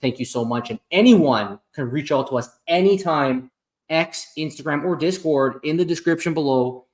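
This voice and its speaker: A man's voice: fairly high pitch, moderate pace, darkish tone. A man hosting his channel, chatting casually and cheerfully with a guest, with frequent fillers. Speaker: channel host. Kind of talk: casual interview chat.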